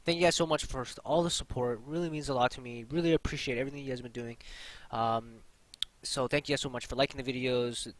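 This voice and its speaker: A man's voice: medium pitch, steady tone, quick pace, dry recording, rough recording. A young man hosting a casual 3D modeling tutorial, chatty, with lots of fillers and repeated key points. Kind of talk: casual screen-recorded tutorial.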